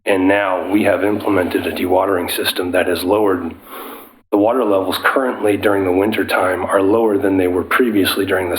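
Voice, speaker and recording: Engineer with a cold, low gravelly voice, explains technical detail at a city meeting, faint hum behind. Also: male voice, poor audio. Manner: explanatory, technical, some restarts. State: has a cold. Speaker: geotechnical engineer presenting. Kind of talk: public meeting presentation.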